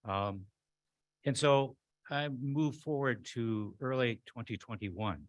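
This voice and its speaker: An older man giving an unscripted public comment at a meeting, relaxed, with frequent fillers. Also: mid-range voice, slow pace, no echo.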